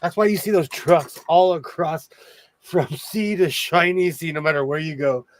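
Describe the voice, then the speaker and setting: A man hosting a relaxed sewing chat, his voice sitting a little high and the sound dry and close. He tells stories with bursts of laughter. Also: normal speed, no echo. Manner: animated storyteller who laughs often. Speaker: host. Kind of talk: casual chat while sewing.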